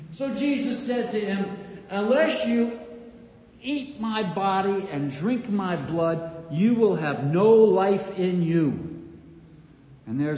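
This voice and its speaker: Animated male preacher in an echoey hall. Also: sits high. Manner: animated preaching, quoting scripture dramatically. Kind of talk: Bible teaching at a church event.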